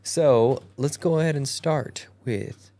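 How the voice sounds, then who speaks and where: A woman's voice: rumbling low, slow pace, mellow, a little hiss or hum. A woman co-hosting a podcast in casual chat, goofy and rambling, with many fillers and restarts. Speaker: podcast co-host.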